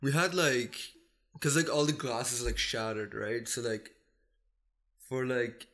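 A man's voice: medium pitch, unhurried, a bit bright. Guy on a podcast rambling thru a story, says like constantly, medium voice. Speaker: podcast guest. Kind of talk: casual storytelling.

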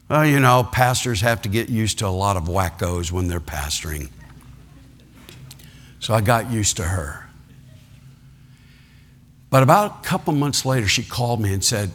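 A man's voice: fairly low pitch, sing-song, a little slow, long pauses, a bit bright, slightly rough. A man preaching a sermon as a pastor, telling a story with laughter and acting out the people in it.

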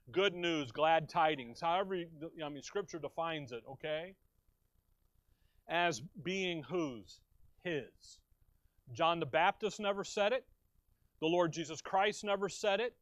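A middle-aged Chicago pastor preaches in a folksy style inside a church, slipping into joking asides with his listeners. His voice sits a little high for a man and is a bit bright, and the sound is dry with hardly any room echo.

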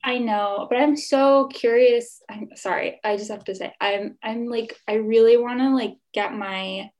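A woman's voice: fairly high pitch, steady tone, a little slow, a little mellow, muffled recording. A young woman, a podcast guest, talking casually and hesitantly, often trailing off. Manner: hesitant, trailing off, many fillers. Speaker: guest, illustrator. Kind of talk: casual chat.

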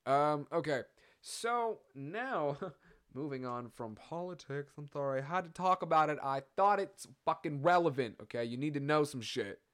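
A man's voice: on the high side, normal speed, a bit bright. A young man hosting a casual solo podcast, rambling and profane with lots of fillers and asides. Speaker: podcast host.

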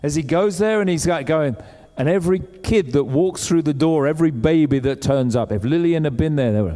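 Guy preaching, chatty storytelling style, mellow voice, big reverby hall. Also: fairly high pitch, animated, a little fast. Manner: conversational, acts out quoted voices. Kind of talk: sermon.

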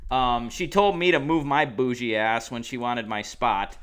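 A man's voice: mid-range voice, measured pace, fairly bright tone, smooth. Rambling male podcast storyteller. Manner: rambling, story-telling with lots of asides. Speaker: podcast co-host. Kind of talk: casual chat.

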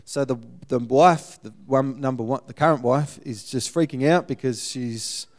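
A guest preacher with a mid-range voice, speaking at normal speed, tells a missionary story with lively energy, acting out the people in it.

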